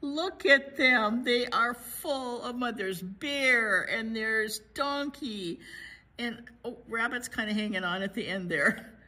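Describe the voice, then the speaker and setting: A woman librarian reading a picture book aloud to children, pausing to chat about the pictures. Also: a little high, pushed and bright. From United States. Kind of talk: children's story read-aloud.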